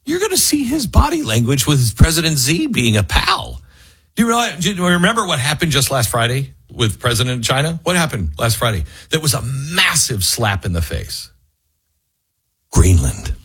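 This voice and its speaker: A man's voice: mid-range voice, huge pitch swings, normal speed, a bit bright, husky, no echo. A man hosting a talk radio show, delivering an opinionated monologue and live ad reads, often mocking people with put-on quotes.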